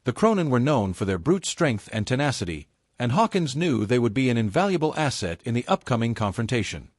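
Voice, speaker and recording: A man reading a science fiction story as audiobook narration, in a dramatic, measured way. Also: medium pitch, sing-song, no echo, studio quality.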